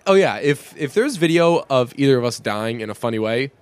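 A man's voice: mid-range voice, animated, brisk, clear, resonant tone, no echo. Rambling young man co-hosting a podcast. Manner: rambling, laughs often while telling stories. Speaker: podcast co-host. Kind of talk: casual chat.

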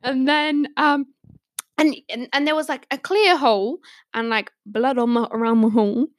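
A woman's voice: high voice, normal speed, dry recording, clean studio sound. A young woman on a podcast panel, casually telling stories and laughing often as she talks. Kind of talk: casual storytelling.

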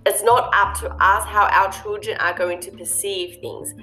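A woman's voice: medium pitch, steady tone, moderate pace, bright, forceful tone, faint music behind. A woman hosting a casual monologue, speaking earnestly and reflectively with plenty of ums and you-knows. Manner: earnest, reflective, lots of fillers. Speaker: host.

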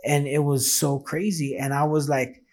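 A man's voice: on the high side, flat delivery, moderate pace, darkish tone. A man telling his faith testimony in a casual, earnest and emotional way, acting out the dialogue he quotes.

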